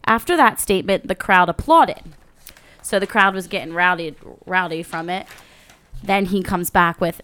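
A woman's voice: on the low side, normal speed, fairly bright tone, clean tone. A young woman co-hosting a podcast in casual chat, loose and profane with lots of fillers. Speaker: podcast co-host.

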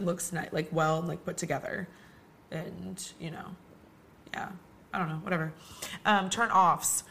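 A woman hosting her own podcast who talks in a casual, rambling way, full of "like" and "um", with a sore throat. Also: sits low. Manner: chatty, heavy use of "like" and "um". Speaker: podcast host. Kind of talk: casual solo podcast rant.

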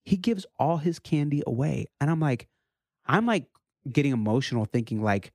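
A man in his thirties, a pastor, telling a story in casual chat, his voice rising high when he quotes his children. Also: moderate pace, no room sound, clean studio sound. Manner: animated, rises high when quoting his kids.

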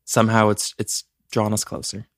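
A man co-hosting a casual podcast chat, joking, telling stories with animated swings and laughing often. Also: on the low side, normal speed, no echo, studio quality. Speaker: podcast co-host.

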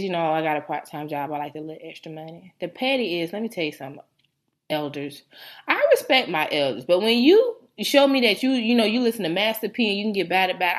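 Animated woman hosting a casual chat. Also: mid-range voice. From Rochester, New York. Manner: animated storytelling with big laughs, joking put-on New York slang. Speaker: podcast host.

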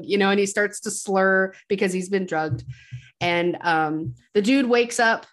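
A woman's voice: medium pitch, measured pace. A woman retelling a film plot in casual chat, quoting characters and laughing now and then. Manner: chatty retelling with quoted lines and laughs. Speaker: podcast co-host.

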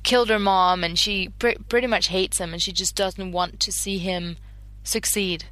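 Bright-voiced woman in casual chat. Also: mid-range voice, fairly even intonation, moderate pace, no echo.

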